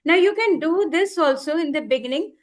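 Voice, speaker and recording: High-voiced woman leading an online workshop. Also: animated. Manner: explanatory, repeats key words for emphasis, slows on examples. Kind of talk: live online workshop instruction. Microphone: computer mic on a video call.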